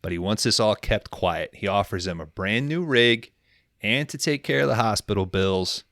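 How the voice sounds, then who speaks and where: A young man riffs through a movie recap on a podcast, swearing freely and rambling between jokes. His fairly low voice comes across bright and forceful. The sound is dry and close to the mic. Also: no room sound. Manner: profane, rambling, acts out characters in quick voices. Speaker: podcast co-host recapping a film. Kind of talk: casual comedic movie recap.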